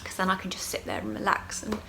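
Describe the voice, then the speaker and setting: A woman's voice: mid-range voice, very animated, quick pace, vocal fry, noisy background. Chatty woman vlogging from her garden. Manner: chatty, talking to the camera while gardening. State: out of breath while gardening. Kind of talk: casual video diary. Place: outdoors in a garden.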